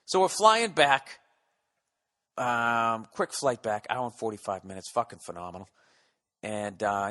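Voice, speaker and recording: A man in his forties with a Boston accent, telling a rambling, profane comic story as a podcast host. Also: mid-range voice. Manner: profane, animated, jumps between tangents.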